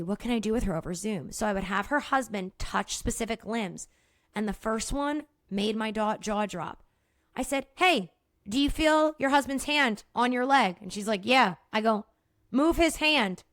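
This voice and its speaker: A middle-aged woman hosting her own podcast as a movement therapist, explaining in a casual, energetic way, swearing freely and laughing at herself. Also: medium pitch, no room sound, studio quality.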